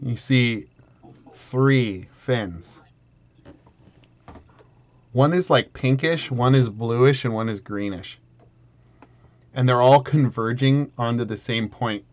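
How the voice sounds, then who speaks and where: A man's voice: medium pitch, slow, long pauses. Male game master, loose rambling delivery, slightly muffled recording. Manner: rambling with many fillers and restarts. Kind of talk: narrating a tabletop game.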